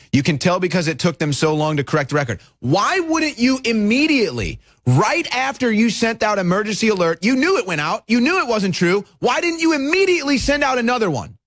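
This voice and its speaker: Male talk radio host, high-pitched, heated and shouting, dry studio mic. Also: dry recording. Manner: fired-up, rising to shouts.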